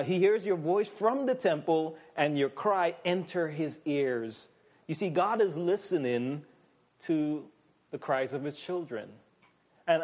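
A pastor preaching a sermon in an emphatic, conversational way, often calling on listeners to listen. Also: male voice, high-pitched.

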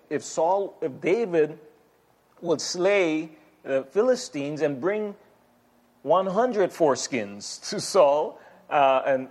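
A man teaching a sermon in a loose, conversational way. His voice sits a little high, and he often restarts and repeats words as he explains a passage. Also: a little mellow. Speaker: pastor.

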